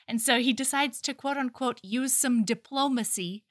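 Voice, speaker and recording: A woman's voice: high voice, moderate pace, few pauses, no echo, clean studio sound. A young adult woman co-hosting a book podcast, casually retelling scenes and acting out the characters' lines in a mocking way. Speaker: podcast co-host. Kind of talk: casual book-discussion chat.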